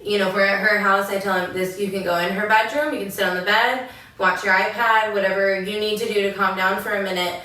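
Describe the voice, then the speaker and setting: Bright-voiced woman in an echoey room. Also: medium pitch, fairly even intonation, fast talker. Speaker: podcast co-host. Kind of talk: casual chat. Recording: echoey room, mic far off.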